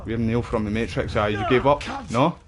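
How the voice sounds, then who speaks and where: A man comments on his game with loud, profane, excitable banter. His voice sits at a middle pitch. A faint hiss runs under the stream audio. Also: brisk. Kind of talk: casual gameplay commentary.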